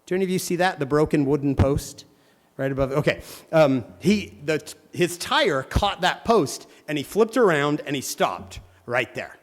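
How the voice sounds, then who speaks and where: A man giving a playful, joking devotional talk to a youth audience, firing quick questions at the crowd. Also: fairly high pitch, expressive. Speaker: youth speaker. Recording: long hall reverb.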